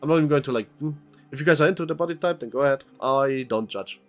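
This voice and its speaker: Young guy streamer rambling fast at chat, bit of game music under him. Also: mid-range voice. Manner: rambling, chatty, thanks chat members, swears. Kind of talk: casual gameplay commentary, reading game text aloud.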